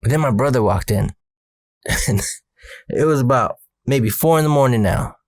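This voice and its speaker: A man's voice: medium pitch, lively intonation, moderate pace, a little mellow, dry recording, clean studio sound. A man casually telling a personal story, slangy and profane.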